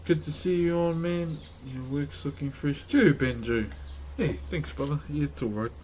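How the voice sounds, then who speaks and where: A man's voice: on the high side, moderate pace, darkish tone, slight background noise. A New Zealand man livestreaming as he carves wood, chatting casually with viewers, swearing often and thanking them as brother. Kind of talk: casual chat to stream viewers.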